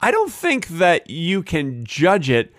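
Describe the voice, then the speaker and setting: A man co-hosting a podcast, joking in casual comedic banter with deadpan delivery. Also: a little high, slow, no echo, clean studio sound. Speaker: podcast co-host.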